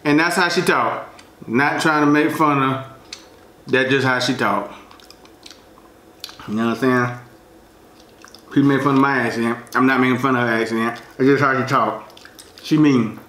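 A man's voice: mid-range voice, steady tone, normal speed, long pauses, sharp tone. A man chatting casually between bites in a mukbang, slangy and laid-back. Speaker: food vlogger. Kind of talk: casual mukbang chat while eating. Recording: roomy echo.

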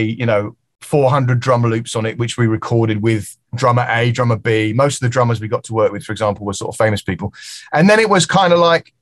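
A man's voice: mid-range voice, no room sound. A middle-aged man, a music producer who is a guest on a podcast and talks freely, acting out the voices of people in his stories. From England. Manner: lively storyteller acting out quoted voices. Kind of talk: casual podcast conversation.

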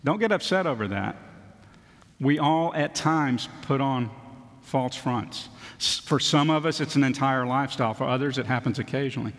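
A male pastor giving a sermon, reading scripture and then explaining it in a relaxed, conversational way with a little self-deprecating humor. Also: medium pitch, normal speed. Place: church sanctuary. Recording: long church hall reverb.

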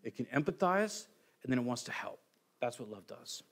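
A man's voice: mid-range voice, big pitch swings, moderate pace, fairly bright tone. A male pastor preaching a conversational sermon, acting out quoted voices and restarting phrases often.

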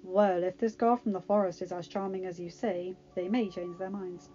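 A woman's voice: on the low side, steady tone, moderate pace, natural voice. Woman reading as a teasing royal guard captain. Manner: wry, gently teasing. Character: adult man, a teasing, fatherly palace captain. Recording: dull lo-fi recording, faint music.

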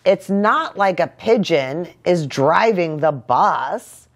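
A woman's voice: lowish voice, lively intonation, slow pace. A woman voicing a playful boy kitten who pretends to be a Chihuahua, bouncy and showy, in a storybook reading.

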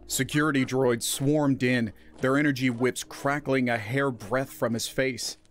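A man narrating a scripted science fiction story in a steady, even reading voice. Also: medium pitch, a little slow.

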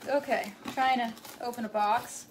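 A young woman with a high voice chats casually on a live stream. She rambles from one thought to the next and reads viewer comments aloud. Faint clicks sit behind her voice. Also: fairly even intonation, a little slow, background noise.

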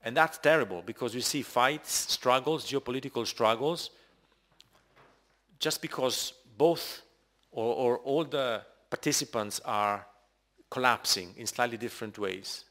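A man's voice: medium pitch, unhurried, a bit bright. A man answering a question at a lecture, hesitant and thinking aloud as he speaks. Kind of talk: discussion answer.

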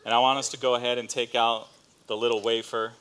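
A man pastor preaching a sermon as a relaxed, conversational story, with casual fillers and slang asides. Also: medium pitch, fast, a little hiss or hum. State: choked up near the end.

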